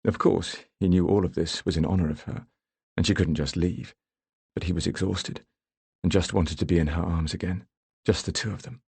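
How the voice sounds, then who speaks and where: A man narrating an audiobook in a measured, even way. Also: deep voice, gravelly, breathy edge, dry recording. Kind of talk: scripted narration.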